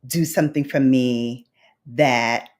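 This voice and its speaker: A woman's voice: rumbling low, fairly even intonation, slow pace, darkish tone. A woman from Brooklyn, a beauty vlogger chatting casually with her viewers, heartfelt and nostalgic, calling them babes and honey. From Brooklyn, New York. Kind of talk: casual livestream chat with viewers.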